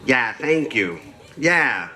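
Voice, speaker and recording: A man doing a stand-up comedy set on a club stage, telling crude deadpan stories into a handheld mic. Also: mid-range voice, extremely slow. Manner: deadpan storytelling with crude jokes.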